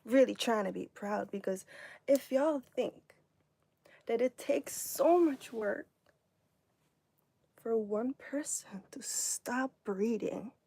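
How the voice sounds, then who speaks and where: A woman's voice: a little high, slow, vocal fry, long pauses, mellow, slightly rough. A woman talking to viewers on a live stream, mocking and sarcastic, sometimes dropping to a whisper. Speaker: livestreamer.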